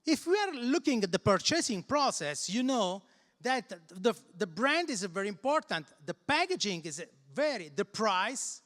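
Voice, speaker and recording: A man with an Italian accent giving a conference talk in English, halting and repeating words as he searches for phrasing. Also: sits high, sing-song, a bit bright. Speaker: conference speaker. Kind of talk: conference presentation. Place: large conference hall. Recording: reverberant hall.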